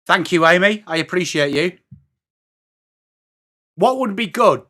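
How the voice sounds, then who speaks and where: Middle-aged English man, streamer host, casual chatty commentary, bright tone, slightly high voice. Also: lively intonation, unhurried. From England. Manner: chatty, reads out viewer messages and calls play. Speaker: livestream host. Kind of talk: live football watchalong chat.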